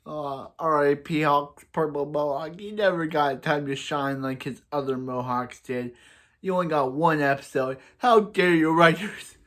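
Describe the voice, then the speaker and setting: A young man casually reviewing a TV episode, rambling and excitable and often restarting his sentences. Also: fairly high pitch, moderate pace. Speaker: fan reviewer.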